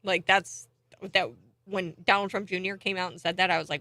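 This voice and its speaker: Low-voiced woman hosting a dry-sounding show. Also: steady tone, normal speed, no echo. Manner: chatty and indignant, thinks out loud. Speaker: host of a morning talk show. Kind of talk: opinionated political commentary.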